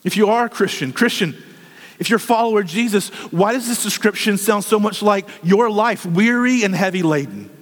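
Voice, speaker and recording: High-voiced earnest preacher, reverberant hall. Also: male voice, brisk. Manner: earnest, repetitive, pleading. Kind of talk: sermon.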